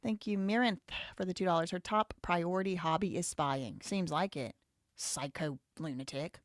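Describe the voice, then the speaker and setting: Reading super chats on her live stream, this host from the Southern US speaks at normal speed and doesn't hold back her opinions. When heated, she gets loud and high-pitched. The audio is dry and studio quality.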